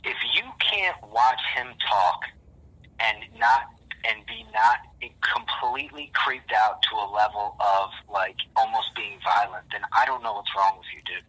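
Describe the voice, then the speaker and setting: Bright, husky-voiced man talking intensely. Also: on the low side, a little slow, poor audio. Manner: rambling, intense, many restarts and repeated words. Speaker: podcast guest. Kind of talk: casual podcast conversation.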